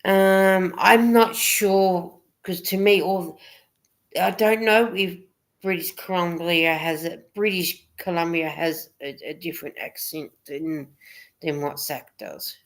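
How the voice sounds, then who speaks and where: A woman's voice: fairly low pitch, unhurried. A woman hosting a casual livestream chat, rambling a little and reading viewer comments aloud. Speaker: host of a live chat stream.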